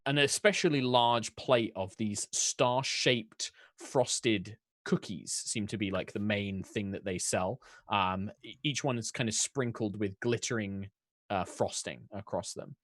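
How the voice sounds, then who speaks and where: A man's voice: on the low side, a little slow, fairly bright tone, dry recording, clean studio sound. A man narrating a tabletop game as dungeon master, rambling, with many fillers and restarts.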